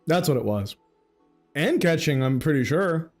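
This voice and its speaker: A man's voice: on the high side, lively intonation, moderate pace, soft background music. A young man ranting casually on a livestream, slangy and laughing often.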